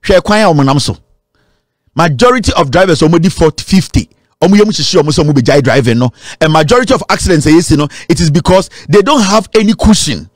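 A man's voice: on the high side, animated, quick pace, no room sound, studio quality. A Ghanaian man giving impassioned political commentary, mixing Twi and English.

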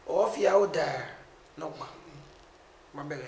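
A man's voice: on the high side, measured pace, vocal fry, a little hiss or hum. A man with a Nigerian accent, a musician talking animatedly in a casual conversation. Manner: animated, mixing pidgin and Edo. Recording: echoey room.

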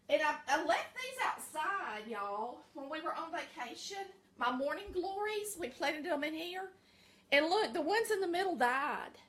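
A middle-aged Southern vlogger with a Southern American accent chats folksily with viewers from her home kitchen in a casual video. Her voice sits high, with a fairly bright tone.

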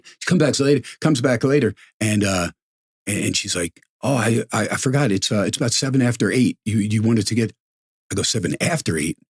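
A middle-aged man spins a long casual anecdote, slipping into the voices of the people in it. His voice sits low with a husky edge, recorded close and dry. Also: a little fast, no room sound. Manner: animated storyteller, acts out quoted voices. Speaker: sportscaster guest. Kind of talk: casual storytelling.

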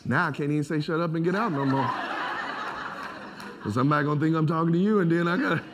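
A male pastor preaching a sermon, building from low talk to shouted lines and laughing as he goes. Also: quick pace, background noise.

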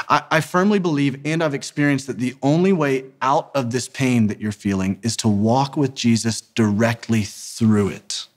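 In his thirties and with a mid-range voice, a ministry founder offers an emphatic, earnest talk in sermon style, slowing on key words for emphasis.

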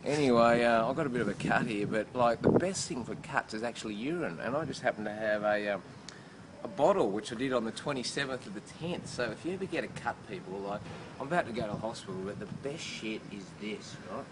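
A male comedian with an Australian accent, joking crudely and deadpan in a handheld vlog outdoors. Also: medium pitch, fast, heavy background noise. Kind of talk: jokey handheld vlog banter.

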